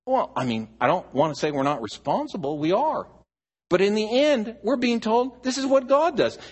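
A man preaching a sermon as pastor, animated, swinging from loud emphasis to near hush. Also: high voice, husky.

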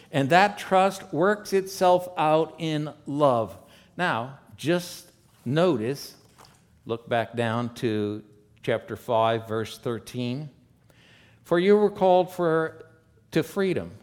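Man preaching with swinging emphasis. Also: on the high side. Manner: swings between loud emphasis and quiet asides; reads scripture slowly and deliberately. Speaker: pastor. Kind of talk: sermon. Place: church room with a congregation.

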